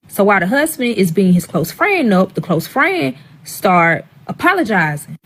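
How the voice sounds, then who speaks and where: A woman's voice: mid-range voice, big pitch swings, quick pace, hardly any pauses. A woman telling a personal story to her viewers in a casual storytime vlog, profane and dramatic, addressing them directly.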